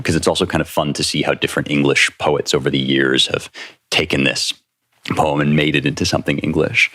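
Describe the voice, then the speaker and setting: A man's voice: extremely low pitch, a bit bright, no room sound. A man hosting a podcast, explaining in a lecture style with eager energy and a loose, conversational delivery that keeps checking in with "right?". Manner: eager, tag questions like "right?"; loose, restarts phrases. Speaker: podcast host.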